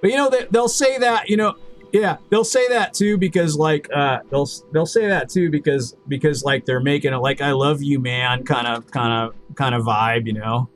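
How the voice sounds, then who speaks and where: A man's voice: on the high side, moderate pace, soft background music. A man streaming a video game, chatting casually with viewers and repeating himself as he rambles. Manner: rambling, repeats words and restarts often. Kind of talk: casual live-stream chat while gaming.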